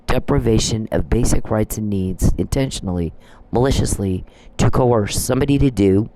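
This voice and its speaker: A man's voice: lowish voice, mellow. Man ranting emphatically in a monologue. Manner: emphatic, repetitive, accusatory ranting. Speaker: podcast host. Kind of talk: solo podcast monologue.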